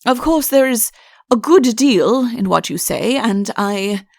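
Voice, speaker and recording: A stern young prince who keeps losing his nerve, voiced by a woman narrator for a storybook reading, blustering and then stammering. The voice sits fairly high with a creaky edge, and the slow lines come across dry and close. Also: lively intonation, a little mellow, no echo, exaggerated voice. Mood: flustered. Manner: blustering, stammers when flustered. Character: young prince, stern but easily flustered man. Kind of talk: audiobook character voice.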